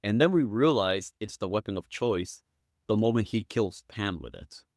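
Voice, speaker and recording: A man's voice: fairly low pitch, expressive, moderate pace, a little mellow, no room sound, studio quality. A man guesting on a podcast, chatting casually and acting out quotes with enthusiasm. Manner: enthusiastic storyteller, acts out quotes.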